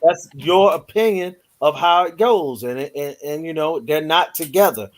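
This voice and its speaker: A man in a casual boxing chat, agreeing calmly and adding dry jokes. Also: fairly high pitch, moderate pace.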